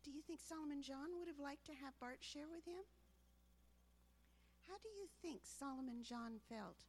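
A woman reading a story to children in an animated way, stopping to ask them questions. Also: high-pitched, normal speed, a little hiss or hum.

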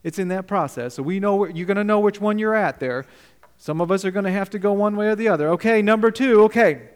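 A male pastor preaching a sermon, emphatic, questioning the congregation and swinging between loud and quiet. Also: high-pitched, quick pace, clean tone, in a large hall.

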